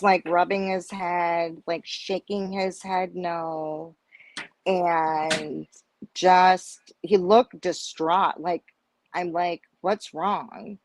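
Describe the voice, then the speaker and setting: Speaking with fairly low pitch, a middle-aged female guest recounts something from her own life during a panel conversation. The recording has no room sound, and she animatedly performs the dialogue of each person in the tale.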